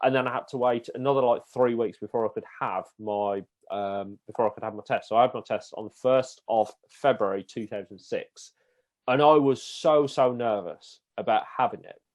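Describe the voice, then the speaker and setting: Lively storytelling man. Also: medium pitch, normal speed. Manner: lively anecdotal telling, acting out the voices in his stories. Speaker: podcast guest. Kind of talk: casual podcast storytelling.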